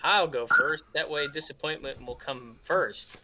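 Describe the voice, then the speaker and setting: A man's voice: a little high, a little slow, pushed and bright, slight background noise. A man playing a tabletop game, joking and self-deprecating in casual chat. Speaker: player.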